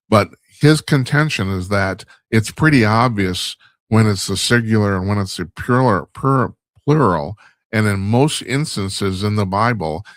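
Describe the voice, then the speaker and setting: A man's voice: on the low side, no room sound. A man hosting a talk show, delivering a rambling, wry monologue and laughing at his own stumbles. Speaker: radio talk show host. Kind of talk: casual monologue commentary.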